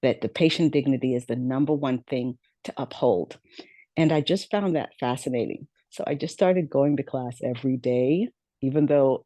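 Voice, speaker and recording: A woman's voice: rumbling low, dark tone, no echo. A middle-aged woman, a podcast guest, telling her life story in a conversational way with many fillers and acted-out quotes.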